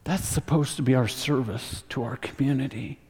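Mellow-voiced preacher in a reverberant hall. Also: male voice, mid-range voice. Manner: earnest storytelling, slowing and softening for emphasis. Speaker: pastor. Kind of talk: sermon.

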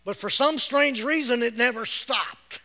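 In a big church hall whose long reverb rings through every word, a man delivers a sermon in a very high, bright, forceful voice. He tells the story with feeling, bursts into shouts, repeats himself often, and laughs softly, all at an unhurried pace.

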